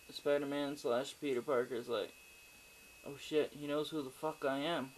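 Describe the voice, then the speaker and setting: A man's voice: mid-range voice, slight background noise, rough recording. A man giving a casual, rambling spoken movie review, swearing freely and often trailing off into fillers and asides. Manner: rambling, profane, with frequent fillers and digressions.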